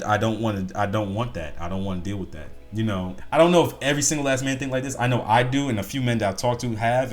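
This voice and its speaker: A man rants through casual reaction commentary, his pitch leaping up and down as he rambles. He is blunt and swears freely. Faint music plays underneath. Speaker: reaction video host.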